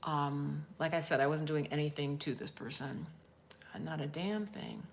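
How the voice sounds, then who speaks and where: Chatty woman coach, low voice. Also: steady tone, normal speed, gravelly. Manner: rambling, chatty and candid, addresses viewers directly. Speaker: spiritual life coach. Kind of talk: casual live-stream chat reading viewer comments.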